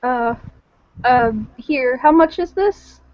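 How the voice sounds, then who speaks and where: A woman playing a shy young woman, hesitant, higher voice, dry dull lo-fi audio. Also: expressive, slow. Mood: unsure.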